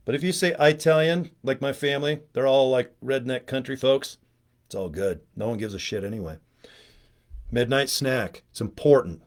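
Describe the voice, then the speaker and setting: At home indoors, a middle-aged video host chats casually on a webcam livestream, rambling, joking and cursing freely. His medium-pitched voice has lively intonation and a normal speed.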